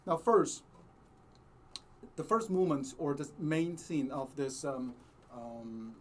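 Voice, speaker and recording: A man teaching a cello lesson, explaining slowly and patiently with many pauses, sometimes singing the phrases he means. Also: on the high side, lively intonation, darkish tone. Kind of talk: music lesson with sung demonstrations.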